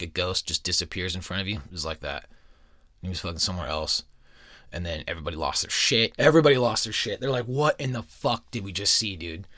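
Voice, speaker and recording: A man with a very low voice hosts a podcast and tells strange stories in a loose, rambling way. He swears constantly and cuts himself off mid-sentence. The sound is dry and close, with no room around it. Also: pushed and bright, dry recording. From United States. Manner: profane, rambling, self-interrupting. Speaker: podcast host. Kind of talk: casual podcast storytelling.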